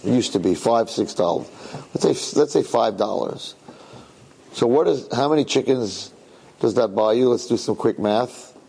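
A man gives a sermon as a story told in a loose, conversational style. His voice is husky and sits at a middle pitch. He repeats phrases and checks in with his listeners. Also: moderate pace, warm tone, poor audio. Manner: conversational, repeats himself, asks listeners questions.

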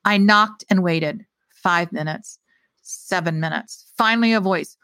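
A woman narrating a first-person mystery novel in a wry, steady storytelling manner. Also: on the low side, measured pace, dry recording. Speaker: audiobook narrator.

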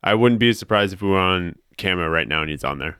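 Casting: relaxed young guy, low voice, smooth, dry close mic, casual banter. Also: quick pace, dry recording. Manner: laid-back, swears freely, mocking asides. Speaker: podcast co-host. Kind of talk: casual chat.

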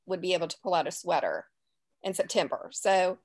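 A woman's voice: lowish voice, brisk, slightly rough. A middle-aged woman with a Southern US accent, chatting as a guest author in a casual interview, rambling and laughing easily. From Louisiana.

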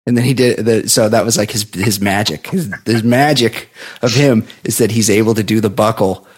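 A man co-hosting a podcast, telling a long rambling story in casual chat and dropping into a low flat voice to mimic others. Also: moderate pace. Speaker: podcast co-host.

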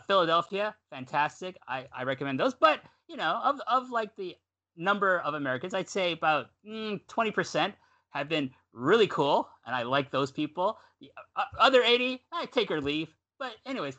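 Lively, bright-voiced Canadian man. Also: on the high side, brisk. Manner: rambling, animated, self-correcting. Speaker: podcast co-host. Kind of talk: casual podcast chat.

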